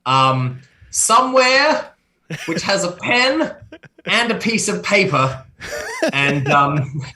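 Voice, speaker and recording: A man's voice: high voice, big pitch swings, slow pace, bright, forceful tone. A man, a guest on a live interview stream, talking in an exuberant, theatrical way and sometimes calling himself by name in the third person. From Australia. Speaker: guest, pro wrestler and metal singer. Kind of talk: livestream interview chat.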